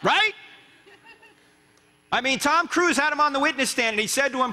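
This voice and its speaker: A man, a guest speaker and apologist, giving a lively lecture in a church, firing rhetorical questions at the crowd and dropping joking asides. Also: very high-pitched, normal speed. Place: church sanctuary. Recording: long reverb of a church hall.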